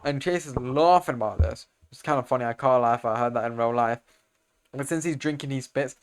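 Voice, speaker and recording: Rambling young man with a smooth voice. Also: mid-range voice, brisk. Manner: rambling, slangy, self-correcting, gets loud and excited over fight scenes. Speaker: video creator explaining comics. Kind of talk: casual comic recap commentary.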